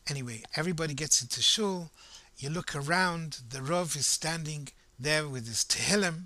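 A man telling a story in a lively, conversational way, addressing the listener directly and acting out the voices of crowds. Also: a little high, a little fast. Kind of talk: animated oral storytelling.

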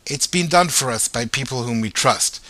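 A man teaching Torah in a lively way, asking his listeners rhetorical questions. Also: mid-range voice, moderate pace, no echo. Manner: animated, asks rhetorical questions.

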